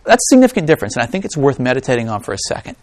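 A man's voice: medium pitch, very fast, dry recording. Man, pastor, sermon, reads scripture then jokes with the congregation, dry close sound. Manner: reads scripture aloud, then talks to the congregation in an animated, joking way.

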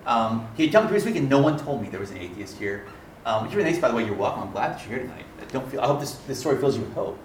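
A man preaching a sermon as a campus ministry pastor, telling stories in an animated way and often laughing. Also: mid-range voice, racing, slight background noise. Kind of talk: sermon with storytelling. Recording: echoey room, distant mic.

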